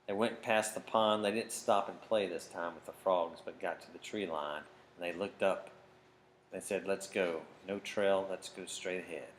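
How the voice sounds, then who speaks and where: A man with a fairly low voice tells a children's story at camp. He tells it dramatically, swelling loud at the big moments. A faint hiss sits under the recording. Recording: faint background noise.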